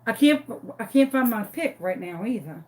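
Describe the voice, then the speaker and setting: A woman telling a comic story in a craft tutorial, animated, dramatic and self-mocking. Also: on the high side, moderate pace. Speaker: crafting vlogger.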